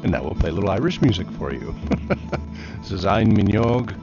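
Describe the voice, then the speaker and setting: A fairly low-voiced man announces tracks and show times in a lively, swinging voice. His lo-fi radio sound has music playing clearly under it. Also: a little fast. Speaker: radio host. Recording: lo-fi radio recording.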